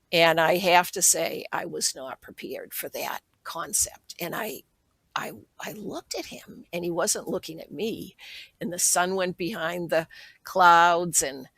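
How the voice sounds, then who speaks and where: A woman's voice: fairly low pitch, gravelly, bright, forceful tone, dry recording, low-quality recording. A woman in her sixties, a podcast guest, earnestly telling a personal story and acting out remembered dialogue.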